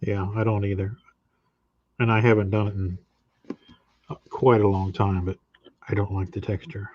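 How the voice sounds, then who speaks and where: Easygoing husky guest on a lo-fi call. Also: male voice, on the low side, flat delivery. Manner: easygoing, quick joking replies. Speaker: guest artist. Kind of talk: casual chat on a video call. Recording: dull lo-fi call audio, dry.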